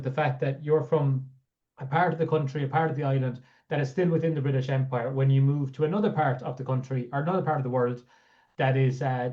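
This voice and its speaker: A man's voice: mid-range voice, highs cut off. A man hosting a podcast interview, asking long, thoughtful questions in a conversational way with fillers. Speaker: podcast host.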